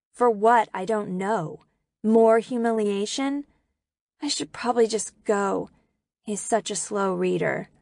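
A woman reads a first-person novel aloud at an unhurried pace, her voice catching a gravelly fry now and then. She tells it expressively, and the recording is close and dry, with no room sound. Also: medium pitch, darkish tone, no room sound. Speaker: audiobook narrator. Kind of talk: first-person audiobook narration.

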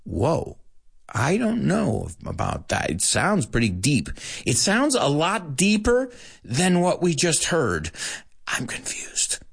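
A man hosting a live-streamed English lesson, playful and animated, dropping into Spanish asides now and then. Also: a little high, slow, gravelly, breathy edge. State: out of breath at times.

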